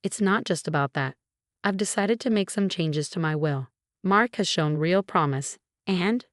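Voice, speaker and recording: A woman's voice: fairly low pitch, measured pace, dry recording, studio quality, lightly acted. A woman voicing a cruel, drunk middle-aged father who talks dismissively. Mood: coolly dismissive. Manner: slurred, dismissive.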